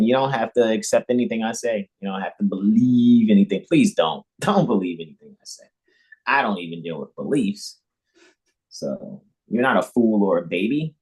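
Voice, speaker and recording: A man's voice: darkish tone, breathy edge, poor audio. A man hosting an informal spiritual lecture, talking emphatically and repetitively, with many restarts and small chuckles. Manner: mimics imagined listeners in high mocking voices. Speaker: spiritual teacher hosting a devotional livestream.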